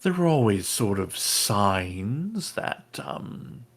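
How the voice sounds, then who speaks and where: Man playing a low-voiced, slow, evasive old apprentice, hedging every answer. Tabletop game. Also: sing-song, slightly rough, full character voice. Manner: hesitant, full of "I mean". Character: man, former student of a mage, evasive and rambling.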